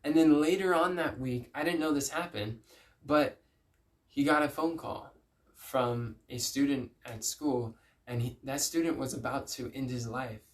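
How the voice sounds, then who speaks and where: A man's voice: mid-range voice, unhurried. A man giving an earnest, pleading inspirational Christian message, telling stories with emphatic repeats. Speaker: Christian speaker. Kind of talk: inspirational preaching to camera.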